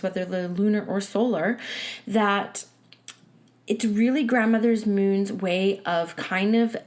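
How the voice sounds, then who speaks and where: A woman in her thirties talks through a solo spiritual podcast in a chatty, earnest manner. Her voice sits at a middle pitch, and she fills her sentences with "um" and "you know.". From Canada. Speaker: podcast host and medium. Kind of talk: casual spiritual podcast monologue.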